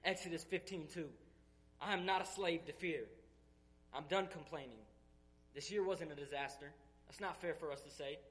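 A man's voice: fairly high pitch, moderate pace, long pauses, a bit bright. Emphatic man giving an earnest testimony. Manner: earnest, emphatic, building intensity. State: tearful. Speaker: church member giving a testimony. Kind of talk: emotional church testimony.

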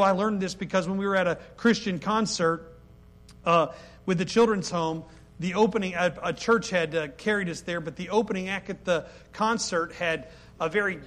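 A middle-aged man preaching a sermon, emphatic and animated, acting out the quoted voices. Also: high voice. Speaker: pastor.

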